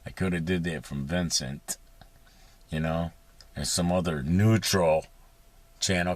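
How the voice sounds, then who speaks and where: A man's voice: low voice, fairly even intonation, measured pace, long pauses, no room sound. A man rambling in a casual monologue from inside his parked vehicle, profane and sarcastic, with many fillers. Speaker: vlogger.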